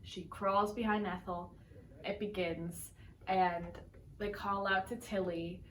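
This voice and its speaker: A woman's voice: medium pitch, fairly even intonation, slow pace, fairly bright tone. A young woman co-hosting a casual chat, recapping a sitcom episode and acting out the characters' lines in put-on voices. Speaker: podcast co-host. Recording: echoey room, distant from the mic, faint noise.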